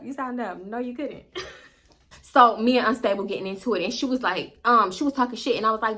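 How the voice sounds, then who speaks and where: A woman in her twenties with a Houston accent, telling a story in an animated, profane way to her viewers. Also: fairly high pitch, a little fast. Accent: Houston, Texas. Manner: profane, animated, laughing asides. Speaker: vlogger. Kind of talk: casual storytime monologue.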